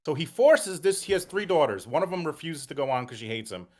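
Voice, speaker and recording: A man guesting on a casual commentary stream, explaining a case in an excitable, rambling, profane way. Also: on the high side, fast talker.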